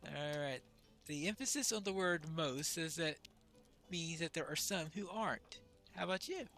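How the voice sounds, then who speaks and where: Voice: mid-range voice, normal speed, a bit bright, faint music behind. A player commenting on a fantasy game, musing and thinking aloud. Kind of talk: let's-play commentary.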